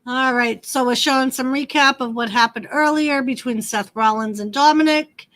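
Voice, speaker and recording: A woman's voice: high voice, steady tone, normal speed, a bit bright. A woman hosting a casual livestream, chatting about wrestling and greeting viewers by name. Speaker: livestream host. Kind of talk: casual live wrestling commentary and chat.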